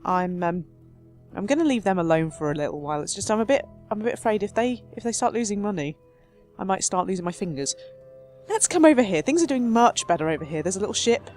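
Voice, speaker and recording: A woman hosting a let's play, chatting through her game in a self-mocking way, her voice jumping between high and low. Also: lively intonation, quick pace, a little mellow. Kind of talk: casual gameplay commentary. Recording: faint game music behind.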